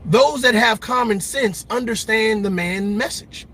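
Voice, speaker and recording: Middle-aged man, bright husky voice, fiery vlog commentator who hammers points home. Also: high-pitched, a little slow. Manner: emphatic, repetitive, preacher-like cadence. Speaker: commentary vlogger. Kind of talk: passionate commentary monologue.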